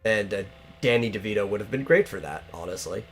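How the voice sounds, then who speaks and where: A man's voice: on the low side, lively intonation, a little fast, soft background music. A man co-hosting a casual podcast chat, rambling with many fillers and restarts and swearing casually. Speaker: podcast co-host. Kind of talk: casual chat about movies.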